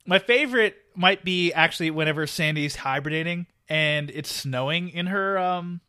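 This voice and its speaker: A man co-hosting a casual chat show, quick with wry, contrary comebacks. His voice is a bit high and bright. The sound is dry and close, with no room around it. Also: clear, resonant tone, no echo. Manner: wry, playfully contrary banter. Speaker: podcast co-host.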